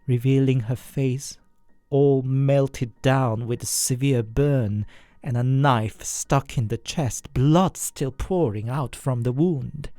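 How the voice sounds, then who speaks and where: A narrator telling a first-person horror story in a scripted, expressive way. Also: mid-range voice, dry recording.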